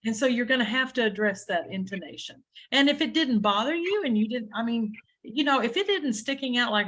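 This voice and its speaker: A woman's voice: fairly high pitch, lively intonation, a little fast, hardly any pauses, fairly bright tone. A woman leading an adjudicator training session over a video call, explaining in a conversational way with frequent restarts.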